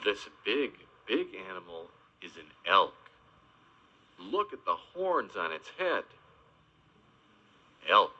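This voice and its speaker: Male kids' educator, slow and playful, low and very bright voice, dull lo-fi recording. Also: very animated. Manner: slow, playful, spells words out and makes animal noises. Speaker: children's educational host. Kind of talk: teaching young children about animals.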